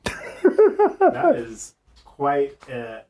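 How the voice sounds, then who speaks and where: A man's voice: fairly high pitch, huge pitch swings, very slow, vocal fry, crowd noise. A man hosting a casual interview, giving dry, wry reactions.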